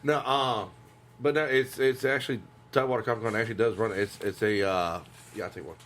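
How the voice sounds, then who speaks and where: Male guest, lowish pitch, stop-start explanations, self-correcting. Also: steady tone, fairly bright tone, a little hiss or hum. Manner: halting, corrects himself, casual swearing. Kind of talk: casual podcast chat.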